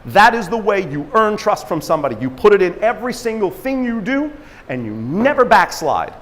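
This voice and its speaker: A man giving an energetic motivational talk at a conference, acting out quotes and laughing at himself as he tells stories. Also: sits high, brisk, big-room sound. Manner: animated storyteller, acts out quotes, laughs at himself. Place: conference stage in a large hall.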